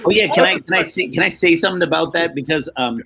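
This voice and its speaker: A man's voice: fairly high pitch, fast, gravelly, bright, forceful tone, slight background noise, low-quality recording. A man guest explaining film trivia in a casual discussion, telling it as a story.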